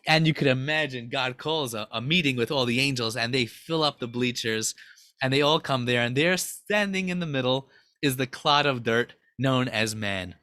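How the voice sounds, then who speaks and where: A man teaching a Torah class, retelling a story with dramatic excitement. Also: mid-range voice, normal speed, no room sound, clean studio sound.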